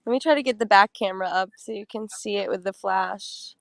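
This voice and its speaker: A woman's voice: mid-range voice, a little fast, vocal fry, no room sound. A woman from upstate New York, chatting casually on a live video call in a giggly, breezy way. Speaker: guest on a live chat.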